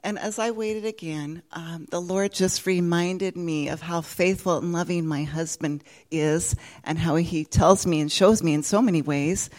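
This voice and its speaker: A middle-aged woman giving an earnest, emotional church testimony, laughing softly now and then. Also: fairly low pitch, a little slow, few pauses. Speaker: speaker sharing a testimony.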